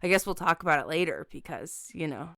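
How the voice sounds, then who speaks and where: A woman's voice: sits low, expressive, brisk, fairly bright tone, no echo, clean studio sound. A woman co-hosting a podcast in casual chat, giggly, swearing freely and joking at her own expense. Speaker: podcast co-host.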